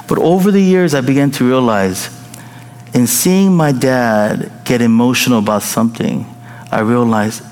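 A man preaching a sermon and telling a personal story, in an animated way with high excited bursts. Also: normal speed. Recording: long reverb of a large hall.

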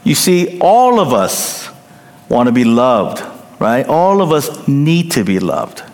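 A man preaching a sermon as pastor, emphatic, rising to loud peaks and dropping to hushed endings, often checking in with the congregation. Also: mid-range voice, very animated, slow. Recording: long hall reverb.

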